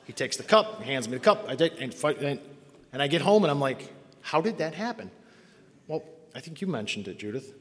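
A middle-aged man telling a story to an audience, animated and self-mocking, acting out other people's voices in his quotes. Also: medium pitch, fast talker, long reverb tail. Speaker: speaker sharing a recovery story.

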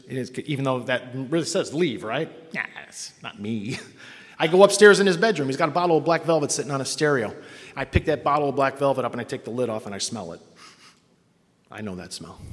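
Man, middle-aged, recovery testimony, candid, self-deprecating, mid pitch, long reverb in a meeting hall. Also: brisk. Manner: candid, self-mocking storytelling. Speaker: recovery speaker sharing his story.

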